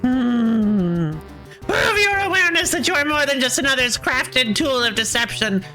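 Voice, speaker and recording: A woman voicing a paranoid conspiracy ranter in a game, loud, theatrical and accusing. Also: sits high, lively intonation, measured pace, soft background music, exaggerated voice, rough recording. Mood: ranting. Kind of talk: voicing game characters on stream.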